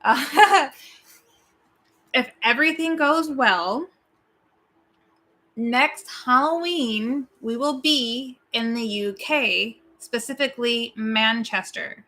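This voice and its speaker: Bright, chatty woman livestream host. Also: a little high, slow pace. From Pasadena, California. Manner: chatty, laughs easily, announces plans. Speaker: co-host of a horror watch-party livestream. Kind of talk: casual livestream chat.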